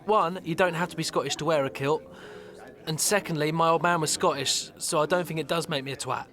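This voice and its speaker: A man's voice: on the high side, fairly quick, a bit bright, lightly acted. An actor playing an awkward, rambling young Englishman at a wedding, talking in hesitant stammers and nervous laughs. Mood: bantering. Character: awkward rambling man at a wedding, fumbling and overeager. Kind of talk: radio comedy monologue.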